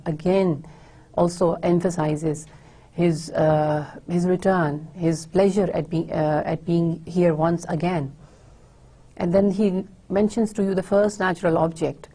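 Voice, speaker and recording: A woman lecturing on a poem in a steady, unhurried way, stopping often to rephrase. Her voice sits low and sounds husky and mellow, with a gravelly edge. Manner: measured, with frequent hesitations and restarts. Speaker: teacher.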